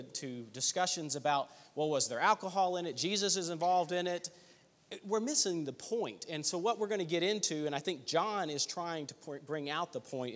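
A man's voice: on the high side, a bit bright, in a large hall. A man leading a Bible study group, teaching conversationally and thinking aloud with small restarts.

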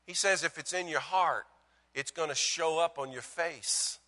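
A man preaching a sermon as pastor, swinging from loud emphasis to hushed lines and telling folksy, self-mocking stories. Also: on the high side, unhurried, big-room sound.

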